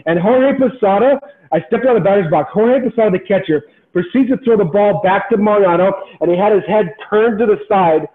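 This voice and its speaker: Intense high-voiced man telling a story. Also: brisk. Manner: animated, intense, motivational, repeats words when excited. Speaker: podcast guest, former pro baseball player. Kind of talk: storytelling in casual interview. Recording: tinny phone-like sound.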